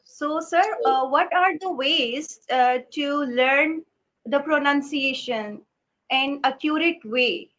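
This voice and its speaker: Woman host, Urdu native, very high voice, hesitant questions. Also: slow, fairly bright tone, poor audio. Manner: hesitant, many uh fillers. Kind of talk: interview questions.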